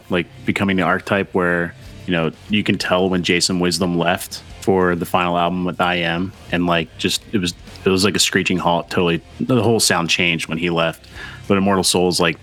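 A man co-hosting a podcast, talking in a relaxed, enthusiastic way with some fillers. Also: deep voice, moderate pace, faint music behind. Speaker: podcast co-host. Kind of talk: casual chat.

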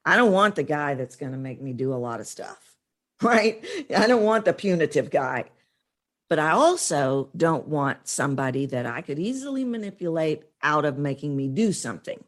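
Woman with a low voice coaching on a podcast, punchy and emphatic. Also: animated, normal speed. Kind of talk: podcast interview guest.

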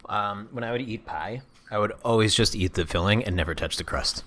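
Low-voiced young man, gushing about food. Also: a little fast, a bit bright. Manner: enthusiastic, rambling, savoring food. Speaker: podcast co-host. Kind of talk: casual food review chat.

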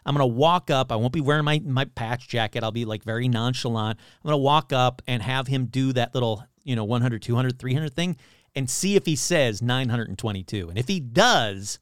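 A man's voice: medium pitch, brisk, clean tone, no room sound, studio quality. A man telling a comic story in a casual, rambling way, full of "like" and self-corrections.

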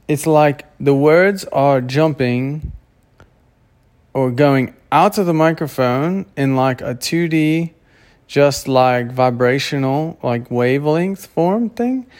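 A man's voice: on the high side, darkish tone. A man talking to camera in a casual monologue, rambling and often stopping to search for words. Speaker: vlogger.

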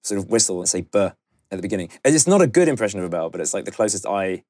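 A man with a fairly low voice chats as a podcast guest. He talks about himself in a wry, self-deprecating way, and the recording is dry and close. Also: sing-song, very fast, darkish tone, no echo. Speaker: guest beatboxer and musician. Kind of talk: casual chat on a podcast.

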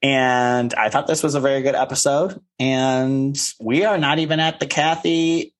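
A man's voice: steady tone, moderate pace. Male co-host, gossipy and playful, casual chatter. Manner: gossipy, laughing, quotes people in high mocking voices. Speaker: podcast co-host. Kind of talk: casual recap chat.

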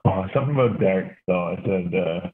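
A man's voice: low-pitched, a little fast, a little hiss or hum. A man chatting casually, telling rambling stories full of fillers and swearing. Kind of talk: casual chat. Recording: tinny phone-like line.

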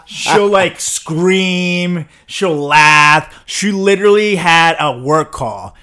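A man's voice: fairly high pitch, very slow. A man co-hosting a podcast in casual chat, telling profane stories with lots of laughing. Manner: animated, laughing, profane storytelling. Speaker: podcast co-host.

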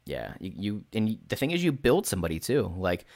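A man's voice: fairly low pitch, very animated, brisk, vocal fry, a little mellow, no room sound. A man in casual chat about tabletop role-playing, rambling and swearing freely. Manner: rambling, swears casually, acts out quotes in put-on voices.

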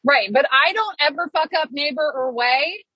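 A woman's voice: high-pitched, expressive, normal speed, no echo, dull audio. A woman in her forties co-hosting a podcast, chatting in a teasing, storytelling way. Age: 40s. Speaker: podcast co-host. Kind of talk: casual chat. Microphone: podcast microphone.

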